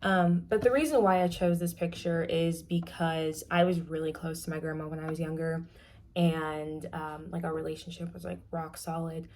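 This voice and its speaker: A young woman giving a casual, candid class presentation, talking frankly with many fillers and often trailing off softly. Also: low-pitched, fairly even intonation, moderate pace, slight background noise. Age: young adult. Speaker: student presenter.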